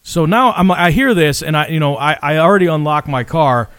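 A man's voice: on the high side, a little fast, clean tone, no room sound, studio quality. Profane, rambling man telling a story. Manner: profane, rambling, animated retelling. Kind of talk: casual chat.

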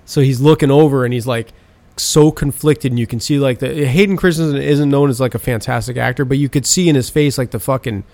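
A man's voice: medium pitch, brisk, dry recording. Man rambling through a profane retelling. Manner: animated retelling of film scenes. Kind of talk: casual chat.

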